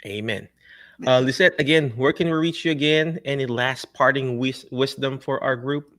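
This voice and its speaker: A man's voice: medium pitch, fairly even intonation, moderate pace, a bit bright. A man hosting an online talk show on a video call, giving upbeat, preachy motivational sign-offs. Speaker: podcast host.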